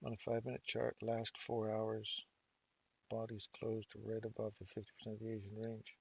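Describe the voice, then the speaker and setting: A man's voice: fairly low pitch, completely flat delivery, normal speed, creaky, husky, dull audio. A man in his fifties, originally from England, hosting a casual trading livestream, chatting with viewers by name and laughing often while reading charts. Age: 50s. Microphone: desk mic, moved close.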